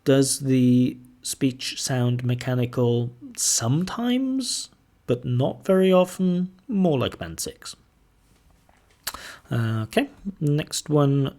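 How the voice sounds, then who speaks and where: A man who is an IELTS teacher and examiner, explaining speaking criteria to camera in a relaxed, conversational way. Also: mid-range voice, slow. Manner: relaxed, conversational, with fillers and asides.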